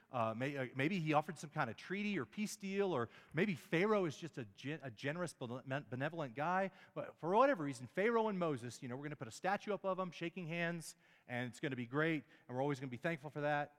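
Male pastor mid-sermon, emphatic and questioning, slightly raised pitch, in a reverberant church hall. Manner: emphatic, rhetorical questions, stumbles on words.

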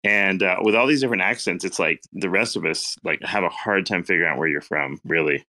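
A man's voice: low-pitched, fairly quick, sharp tone. An American man chatting casually on a panel, rambling and swearing as he riffs on accents. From United States. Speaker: panel guest. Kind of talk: casual chat.

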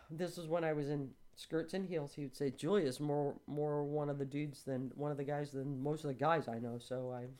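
A woman in her sixties hosting a casual chat, telling stories with animated, blunt delivery and acted-out dialogue. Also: sits low, unhurried. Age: 60s. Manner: animated storytelling, swears freely, acts out quoted dialogue.

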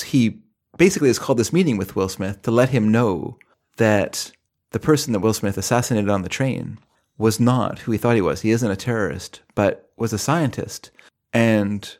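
A man's voice: fairly low pitch, normal speed, darkish tone. A middle-aged man co-hosting a film podcast, recapping the plot in a rambling, casual way with many restarts. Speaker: podcast co-host.

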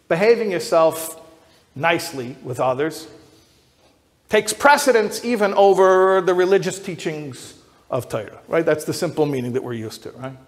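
A man who is an educator, giving a lecture that builds to emphatic high peaks, often repeating and restarting words as he thinks aloud. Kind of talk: lecture to an audience. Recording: long hall reverb.

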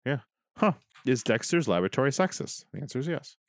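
A man's voice: mid-range voice, very animated, fast, no room sound. A man co-hosting a podcast, chatting casually, joking and swearing, sometimes reading from the web. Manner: profane, joking, reads aloud from web. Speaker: podcast co-host.

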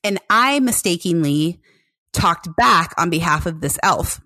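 Woman, 30s, podcast co-host; very lively pitch, dry close sound, animated storyteller who acts out voices. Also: unhurried, no echo. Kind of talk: casual chat.

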